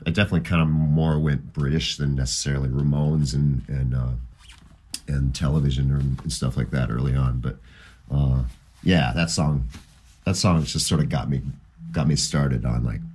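A middle-aged man with a very deep, husky voice chats casually about music. He rambles animatedly and laughs often as memories come back to him.

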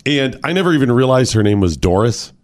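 A man hosting a morning radio talk show, chatting casually and telling stories with animated, drawn-out words. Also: medium pitch. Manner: animated storyteller, stretches words for effect. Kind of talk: casual chat.

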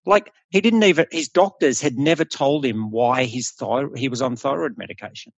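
A middle-aged Australian man talks in a blunt, animated way and swears without hesitation. His voice sits at a middle pitch and is recorded dry, with no room echo. He sounds like a no-nonsense coach chatting on a podcast. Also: normal speed, creaky, muffled recording. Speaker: health coach guest. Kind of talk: casual podcast conversation.

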